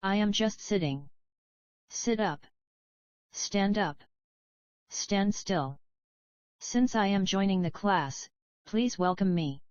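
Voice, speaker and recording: A woman slowly reading short English phrases one at a time, with pauses between them, for a language lesson. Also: medium pitch, lively intonation, darkish tone, no room sound, lo-fi sound. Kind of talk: slow read-aloud phrase drills.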